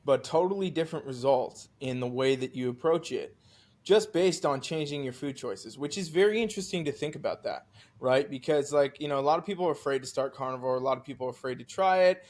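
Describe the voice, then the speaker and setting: A man's voice: medium pitch, lively intonation, fairly quick, a little mellow. A man hosting as a coach, chatting casually with many "you know"s and "right"s. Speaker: coach and host. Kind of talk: casual podcast chat.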